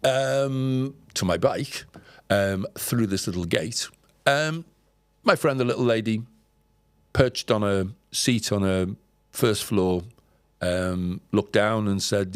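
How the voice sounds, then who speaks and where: A man with a low, gravelly voice tells a travel story in an earnest, reflective way. He halts often and repeats words as he searches for the next phrase. The sound is close and dry. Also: dry recording. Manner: halting, with many fillers and repeated words. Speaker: podcast guest recounting travels. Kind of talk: conversational storytelling.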